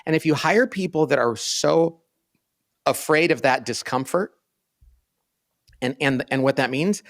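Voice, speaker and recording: A middle-aged man speaks as an interview guest at a mid-range pitch. He thinks aloud earnestly and often restarts his sentences. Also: a little slow, fairly bright tone. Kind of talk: casual interview conversation.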